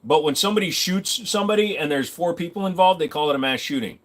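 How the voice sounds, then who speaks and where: A man's voice: fairly high pitch, fast talker. A man hosting a casual livestream from his home computer desk, rambling, joking and swearing freely. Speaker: livestream host.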